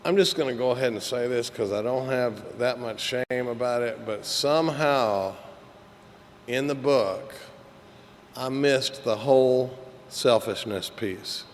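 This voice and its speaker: A man's voice: medium pitch, a little slow. A middle-aged man giving a candid, joking, profane talk at a recovery meeting, rambling with many fillers. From Texas. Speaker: AA speaker. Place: meeting hall. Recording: echoey hall recording with faint hiss.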